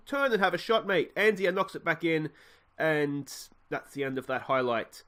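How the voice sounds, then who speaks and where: Fairly high-pitched and bright, this young Australian gaming host talks at a moderate pace with lots of animation as he plays a football management game. Rambling and full of fillers, he works himself into mock outrage at his team.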